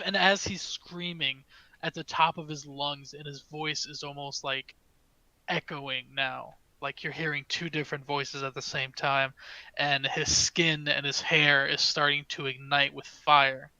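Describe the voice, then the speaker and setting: A man narrates a tabletop game as game master, with a bright, slightly high voice. He hesitates often, trips over fillers and breaks into small laughs, recorded close and dry. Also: little pitch movement, measured pace, dry recording, poor audio.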